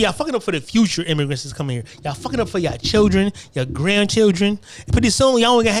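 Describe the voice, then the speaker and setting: A man's voice: a little high, no room sound. Profane ranting man, dry close sound. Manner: profane, confrontational, repetitive. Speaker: podcast host. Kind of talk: ranting monologue.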